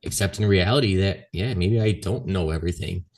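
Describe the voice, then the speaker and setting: A man's voice: sits low, a little fast, darkish tone. A man co-hosting a podcast, laid back and swearing casually while backing up his co-host. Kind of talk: casual chat.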